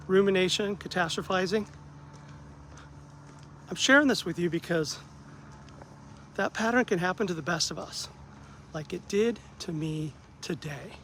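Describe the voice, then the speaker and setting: A therapist recounts his rough day in a relaxed, conversational vlog. His voice sits a touch high for a man and jumps as he acts out what people said. A faint hum of background noise runs under the recording. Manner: animated, acts out quoted dialogue, self-deprecating. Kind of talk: casual vlog storytelling.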